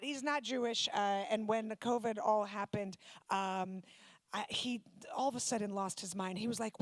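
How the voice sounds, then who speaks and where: A woman from Ukraine doing stand-up comedy, teasing audience members in quick banter on a handheld stage mic. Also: a little high, a bit bright, no echo. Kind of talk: stand-up comedy with crowd work. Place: comedy night venue before a live audience.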